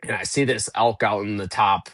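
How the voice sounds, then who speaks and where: Man telling a story with animated energy. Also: on the low side, moderate pace, dry recording. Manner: animated, acts out his own past thoughts in quotes. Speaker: podcast guest. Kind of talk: casual storytelling interview.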